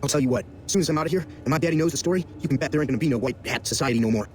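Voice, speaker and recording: A man's voice: medium pitch, racing, a little mellow, a little hiss or hum, close to an everyday voice. An actor playing a brash, complaining rural young man, a spoiled son, in a game. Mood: indignant. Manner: cocky, complaining. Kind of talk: video game voice acting.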